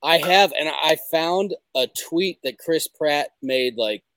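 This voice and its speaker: A man's voice: a little high, slow pace, fairly bright tone, no room sound. A man chatting as a guest on a comedy podcast, rambling with many "like"s. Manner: rambling, heavy use of "like". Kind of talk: casual comedic chat.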